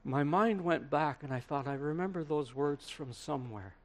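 An actor playing an aged male apostle, preaching a first-person dramatic sermon monologue in a slow, earnest way with dramatic pauses. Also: on the high side, expressive, lightly acted. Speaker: preacher in character. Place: room with listeners.

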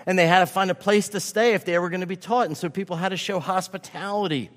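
A man's voice: high voice, steady tone, fast talker, fairly bright tone, long reverb tail. A man preaching a sermon as pastor, stressing his points by repeating key phrases.

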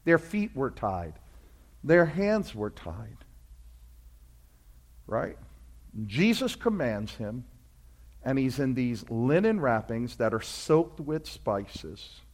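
A man preaching a sermon, telling a story and acting out voices, building from quiet asides to loud fervent climaxes. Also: mid-range voice, sing-song, slow pace, pauses often. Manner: storytelling preacher, acts out voices, swells to shouts. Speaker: pastor.

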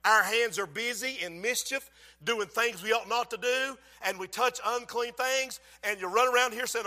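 High animated preacher in a hall. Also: male voice, normal speed. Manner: animated, swings from hushed to shouting. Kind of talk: sermon with acted-out story. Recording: long hall reverb.

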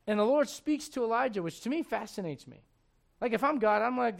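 A male pastor preaching a sermon, swinging between shouted intensity and hushed, gentle tones. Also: very high-pitched, lively intonation, fairly quick, vocal fry, few pauses.

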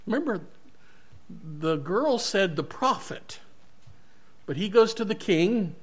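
A man's voice: sits high, expressive, slow pace, husky. A male pastor giving a sermon, retelling a Bible story animatedly and correcting himself as he goes.

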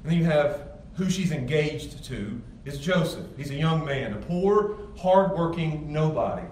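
A male pastor preaches to his congregation in a church sanctuary, emphatic and conversational, frequently restarting his sentences. His voice runs on the high side, animated and a little slow, with a darkish tone and a bit of hiss or hum. He's far from the mic in an echoey room with faint ambience.

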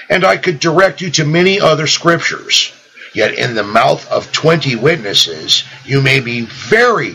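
A man reading an old devotional book aloud in a slow, solemn way, lifting his voice on the quoted sayings. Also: medium pitch, gravelly, slight background noise, poor audio. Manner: slow, solemn reading with lively rises on quotations; reads out "quote" and "close quote" markers. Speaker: audiobook reader.

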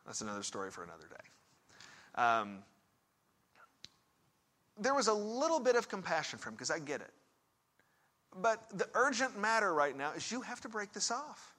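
Lively, bright-voiced male preacher. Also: sits high, moderate pace, long pauses. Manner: conversational, asks the audience direct questions; swings between hushed and emphatic. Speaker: pastor and counselor. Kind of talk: sermon told as a story.

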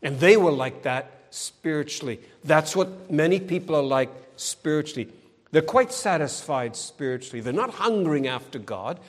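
A man's voice: a little high, expressive, moderate pace. Middle-aged preacher man with sarcastic tag questions. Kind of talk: sermon. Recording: long hall reverb.

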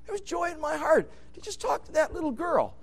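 A man preaching a sermon, moving from quiet storytelling into loud, fervent hollering. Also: extremely high pitch, big pitch swings, brisk.

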